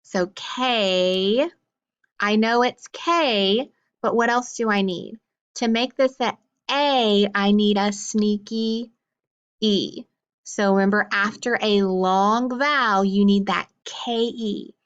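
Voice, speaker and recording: A woman's voice: mid-range voice, clean tone, muffled recording. Upbeat woman teaching phonics. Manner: upbeat, encouraging, sounds out letters slowly. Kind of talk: classroom phonics lesson.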